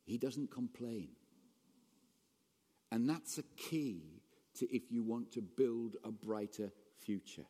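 A man preaching a sermon as pastor, animated, swinging between raised emphasis and quiet asides. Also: on the low side, measured pace. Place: church hall. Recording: long reverb of a church hall.

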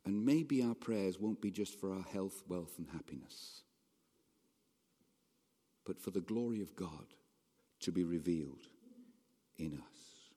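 A man preaching a sermon in a conversational, animated way, asking his congregation rhetorical questions. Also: low-pitched, slow pace, pauses often. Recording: long hall reverb.

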